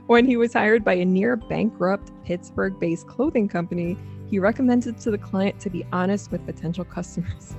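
A woman's voice: mid-range voice, normal speed, vocal fry, hardly any pauses, darkish tone, faint music behind. A young adult woman co-hosting a podcast in casual chat, laughing often. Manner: chatty, laughs often, reads quotes aloud dramatically. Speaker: podcast co-host.

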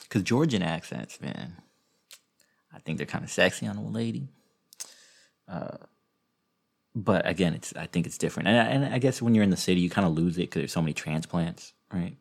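Deep gravelly man, husky and rambling. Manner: rambling, self-interrupting storyteller with frequent restarts. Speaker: podcast host. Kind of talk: casual podcast chat.

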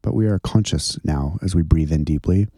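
A man with a very low, gravelly voice leads a guided contemplative prayer. His tone is dark and husky, slow and gentle. The sound is dry and close. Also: no room sound. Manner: slow, gentle, soothing guidance. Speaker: pastor leading guided prayer.

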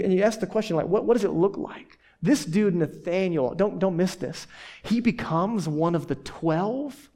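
A man preaching a sermon to a congregation as pastor, speaking in an animated, conversational way with emphatic repetitions. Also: high voice, moderate pace. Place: church hall.

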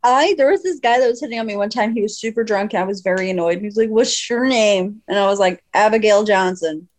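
A woman's voice: medium pitch, rapid-fire. A woman co-hosting a casual podcast from home on a laptop mic, telling stories with lots of giggles. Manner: giggly, animated storyteller. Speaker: podcast co-host. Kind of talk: casual chat, storytelling.

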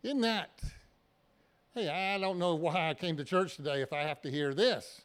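A man's voice: a little high, normal speed, a bit bright, clear, resonant tone. A man preaching a sermon in a church, talking to the congregation in a plain, conversational way with everyday examples. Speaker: pastor.

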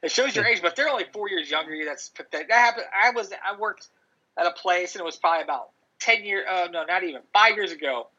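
A man's voice: sits high, fast, bright, forceful tone, husky. A middle-aged man chatting casually on a podcast, telling rambling stories full of restarts and "dude". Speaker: podcast co-host. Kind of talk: casual chat. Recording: dull lo-fi audio.

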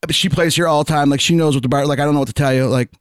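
A man's voice: fairly high pitch, smooth, no room sound, clean studio sound. A man telling a story in casual chat, acting out what people said. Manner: fast, animated storyteller acting out quotes.

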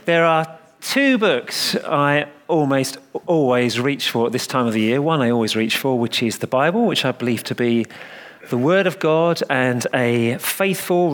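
A male preacher giving a sermon with a mid-range voice and a humorous, self-deprecating manner. He tells stories with easy comic timing and slows right down on the lines he wants to stress. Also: medium pitch, a bit bright.

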